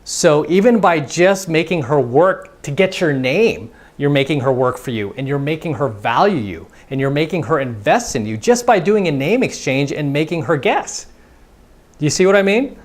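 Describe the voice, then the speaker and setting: A man's voice: fairly high pitch, lively intonation, normal speed. A man giving a casual, conversational dating lesson as a coach, acting out both sides of example conversations. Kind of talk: instructional monologue.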